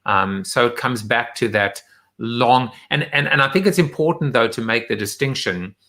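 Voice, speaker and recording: Male host, bright tone, loose rambling delivery full of fillers and restarts. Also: medium pitch, moderate pace. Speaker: show host. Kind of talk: casual live-stream chat.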